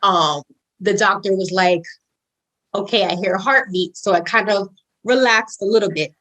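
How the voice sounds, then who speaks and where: Animated young woman telling a story. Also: moderate pace, rough recording. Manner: animated storyteller, acts out quoted voices with big pitch jumps; casual, says "like" and "girl" often. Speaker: podcast guest. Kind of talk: storytelling interview.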